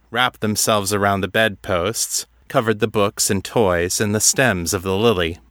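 Man reading a story slow and even, lowish voice, super dry close mic. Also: dry recording. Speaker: audiobook narrator. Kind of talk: scripted narration.

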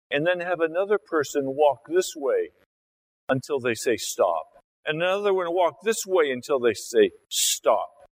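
A man's voice: mid-range voice, poor audio. A male pastor preaching a conversational sermon, acting out scenes as he talks. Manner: conversational, acts out scenes with his body and voice.

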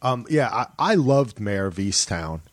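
A man from New Jersey hosting a casual group chat over a call, lively and quick to laugh. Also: on the low side, dry recording, clean studio sound. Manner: lively, animated, laughs easily. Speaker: podcast host. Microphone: home microphone on a call.

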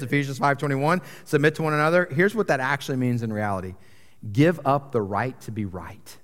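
A young man preaching a casual, conversational sermon as a pastor, with a joking, self-deprecating manner. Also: medium pitch. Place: church sanctuary. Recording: long reverb of a large church hall.

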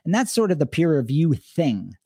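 A man co-hosting a podcast, talking casually and telling animated stories in which he acts out the people he quotes. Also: fairly high pitch, normal speed, slightly rough, dry recording, clean studio sound. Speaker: podcast co-host.

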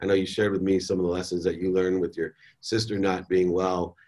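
A middle-aged man, a podcast guest, telling a personal story in a candid, animated way with casual slang. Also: sits low, brisk.

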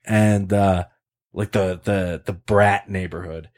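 A man's voice: sits low, steady tone, slow pace, darkish tone. A young man telling a story in casual chat, acting out quotes and swearing often. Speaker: podcast co-host telling a story.

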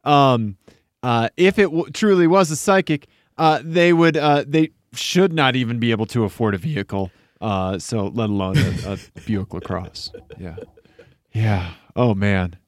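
A man's voice: mid-range voice, no room sound, clean studio sound. A man co-hosting a podcast, chatting casually, laughing often and riffing on jokes. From Denver area. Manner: laughing, playful, quick riffs. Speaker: podcast co-host. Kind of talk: casual chat.

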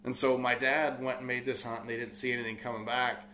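Quick-paced and flat in delivery, this young Californian-accented man has a medium-pitched, sharp voice, with a little background noise behind him. He's an outfitter business owner appearing as a guest, rambling through a hunting story full of "like" and acted-out quotes.

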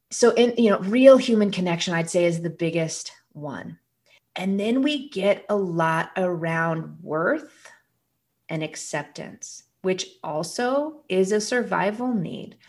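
A woman speaking as a guest in a casual conversational interview, earnest and emphatic, growing animated as she makes her points. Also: fairly low pitch.

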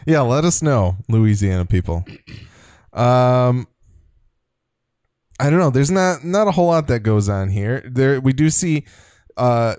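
A man co-hosting a casual podcast, relaxed and agreeable, explaining things at an easy pace. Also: mid-range voice, measured pace, clean tone, dry recording, clean studio sound. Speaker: podcast co-host. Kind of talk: casual chat.

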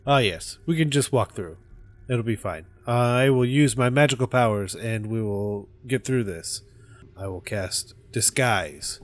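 A man playing a tabletop role-playing game, delivering his jokes flatly and drily. He talks in a mid-range voice at an easy, casual pace. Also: mid-range voice, unhurried. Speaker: player.

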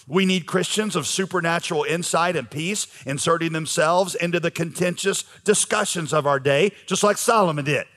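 A pastor with a fairly high, fairly bright voice preaches a sermon in a church sanctuary, speaking conversationally and using lots of fillers. The recording carries the long reverb of a large hall.

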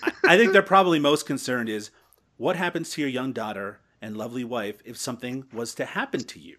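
A man's voice: medium pitch, a little fast, noisy background. A man from Canada hosting a comedic podcast, teasing his guests in a mock-serious, joking way. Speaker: podcast host.

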